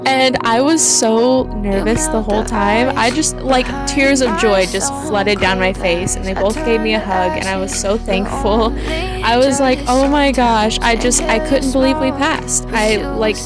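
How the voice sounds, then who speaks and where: A woman's voice: on the high side, steady tone, measured pace, over loud music. A woman, a dog handler, chatting through her trial video and quoting her own nervous thoughts. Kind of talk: casual voice-over commentary on a trial video.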